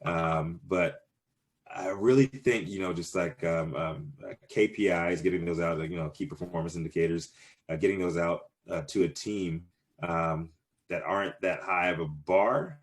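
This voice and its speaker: A man's voice: low-pitched, normal speed. A man in his thirties answering interview questions casually, rambling with many fillers and restarts. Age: 30s. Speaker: cannabis business owner, guest.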